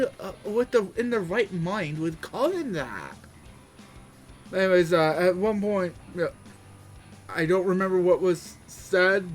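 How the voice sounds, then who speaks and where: A man giving a casual, rambling wrestling recap, full of fillers and restarts. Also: a little high.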